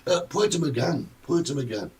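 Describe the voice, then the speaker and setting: A man hosting a casual live-streamed talk show, chatting in an animated, storytelling way. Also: on the high side, brisk. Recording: distant mic with faint room noise.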